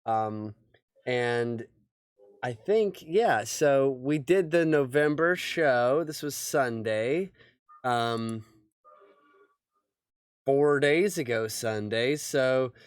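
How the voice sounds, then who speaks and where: A man's voice: mid-range voice, clear, resonant tone, dry recording, clean studio sound. A man, the show's co-host and producer, chatting casually in a hesitant way, with lots of fillers. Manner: hesitant, filler-heavy, unhurried. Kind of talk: casual chat.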